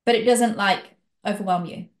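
A woman's voice: mid-range voice, steady tone, normal speed, echoey room. A woman co-hosting a casual podcast, encouraging and full of fillers. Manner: encouraging, filler-heavy, many "like"s. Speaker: podcast co-host.

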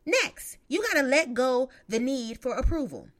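Woman vlogger, aave, cussing and sassy, kinda high voice that jumps all over. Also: big pitch swings, measured pace, fairly bright tone. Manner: profane, emphatic, sassy asides. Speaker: vlogger giving relationship advice. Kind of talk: casual advice monologue.

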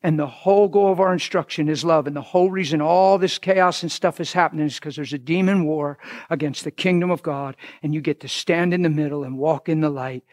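A man preaching a sermon as pastor, fervent, swinging between shouts and hushed passages. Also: a little high, brisk, no echo, clean studio sound.

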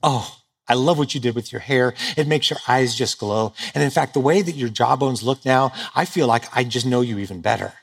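A man's voice: medium pitch, brisk, creaky, slightly rough, in a large hall, pitched below the performer's own voice. A man doing a gushing woman friend. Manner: effusive, flattering.

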